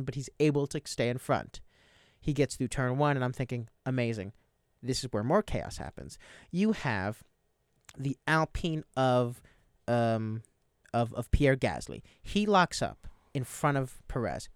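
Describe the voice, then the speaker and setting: A man talks through a motor race in a casual sports chat, retelling the events in lively detail. His voice is smooth and resonant, recorded close and dry with no room sound. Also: mid-range voice, no room sound.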